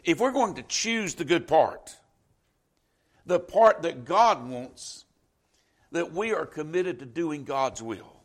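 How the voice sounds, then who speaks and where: A man's voice: on the high side, animated, slow pace. An older man preaching a sermon in an earnest, emphatic way, quoting scripture.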